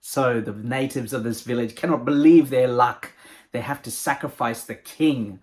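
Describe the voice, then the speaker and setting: A man, a motivational speaker, telling a moral fable with a lively delivery. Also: mid-range voice, normal speed. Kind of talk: storytelling with a moral.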